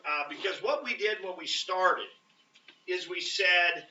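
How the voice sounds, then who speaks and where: Distant, bright-voiced male teacher in a classroom. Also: high voice, a little slow, a little hiss or hum. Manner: conversational, checks in with "right?" often, many fillers. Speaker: math teacher. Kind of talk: classroom lecture. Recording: roomy, distant, dull classroom audio.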